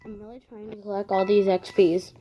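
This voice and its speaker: A woman narrating her online game as she plays, excitable and easily frightened, giving running commentary. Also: medium pitch, a little fast, muffled recording, faint music behind. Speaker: gaming channel host. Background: dogs barking sometimes.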